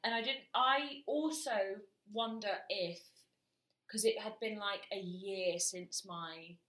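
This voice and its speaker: Candid young woman, bright tone. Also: mid-range voice, slow, roomy sound, rough recording. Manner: candid, self-mocking, expressive. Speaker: podcast co-host. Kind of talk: casual chat.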